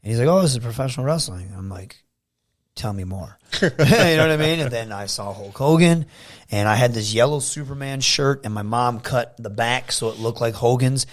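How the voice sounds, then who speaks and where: A man from Michigan, a wrestler guest telling animated stories in a casual interview, often slipping into loud impressions. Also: mid-range voice, moderate pace. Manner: animated storyteller who slips into loud impressions.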